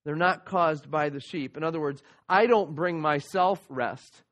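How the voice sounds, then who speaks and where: A man's voice: a little high, unhurried, a bit bright. A man preaching a sermon, teaching earnestly and reading scripture aloud. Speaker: pastor.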